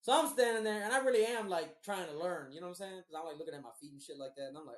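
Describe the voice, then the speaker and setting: Young male co-host, lively swearing storyteller who laughs a lot; roomy echo on the voice. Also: sits high, quick pace, hardly any pauses. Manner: animated, profane, laughs often, slangy. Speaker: podcast co-host. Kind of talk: casual storytelling chat.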